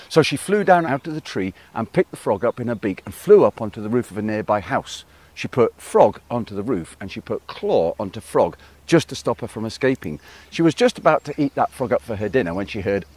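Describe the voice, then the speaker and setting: A man telling a folk tale to a live audience in a playful, expressive way, chatting with his listeners as he goes. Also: medium pitch. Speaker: storyteller.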